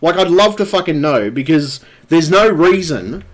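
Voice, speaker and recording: A man's voice: on the high side, lively intonation, normal speed. A man live streaming at his computer, ranting angrily and swearing constantly. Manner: angry, profane ranting.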